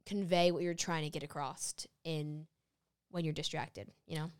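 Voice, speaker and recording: A woman co-hosting a podcast in casual chat, bubbly and chatty, quick to joke. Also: low voice, steady tone, no room sound, studio quality. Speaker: podcast co-host.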